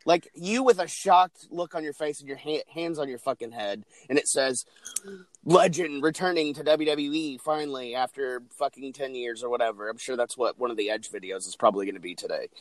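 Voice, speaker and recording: A man's voice: medium pitch, brisk, no room sound. A man co-hosting a wrestling podcast, ranting in casual chat and swearing heavily. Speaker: podcast co-host.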